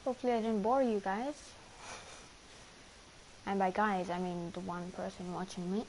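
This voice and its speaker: A woman streams a match from home, rambling through casual gameplay commentary, mocking herself and filling it with fillers and restarts. Her mid-range voice is a little mellow, with fairly even intonation and normal speed, and background noise is clearly audible indoors.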